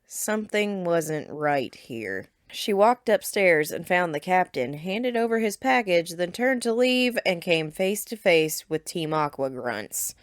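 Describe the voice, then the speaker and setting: A woman narrates a game playthrough like a storybook, gentle and steady. Her voice sits a little low and the recording is dry and close. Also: dry recording.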